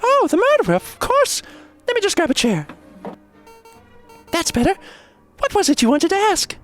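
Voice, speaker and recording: A man voicing a young female housemaid in a fussy, high falsetto in a game. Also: huge pitch swings, normal speed, a bit bright, soft background music, heavily acted. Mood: fluttery. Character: flustered young housemaid, woman, eager.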